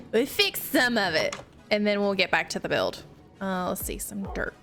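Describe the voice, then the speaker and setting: A woman's voice: mid-range voice, lively intonation, unhurried, fairly bright tone, faint music behind. Giggly woman streaming a block game. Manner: giggly, self-mocking, laughs often. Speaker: Minecraft streamer. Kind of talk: casual live gameplay chat.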